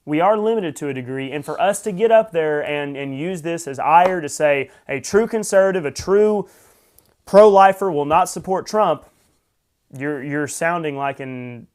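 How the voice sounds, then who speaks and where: A chatty man hosting a morning live stream, his voice sitting a little higher than most men's. He greets viewers one by one and drops wry asides between answering questions. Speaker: host. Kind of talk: casual live-stream chat.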